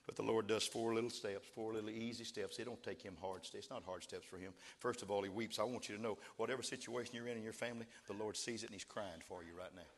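A man preaching a sermon, emphatic and building to shouted cries. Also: lowish voice, big-room sound. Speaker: pastor.

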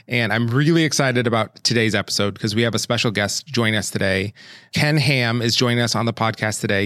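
A man's voice: mid-range voice, a bit bright, no echo, studio quality. A man who produces a podcast, reading its scripted welcome and introducing the guest. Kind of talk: podcast intro and host chat.

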